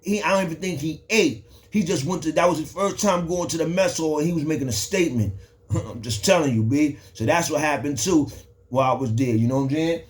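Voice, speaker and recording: A man's voice: a little high, fairly quick. A young man from the Bronx, telling a jail story in loose, slangy casual talk with frequent restarts. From the Bronx, New York.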